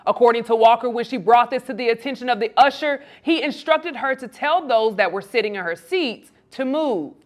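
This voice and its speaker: A woman hosting an entertainment news show, reading the story and then greeting her guest with excitement. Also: fairly high pitch, brisk, hardly any pauses. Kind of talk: scripted news read then interview.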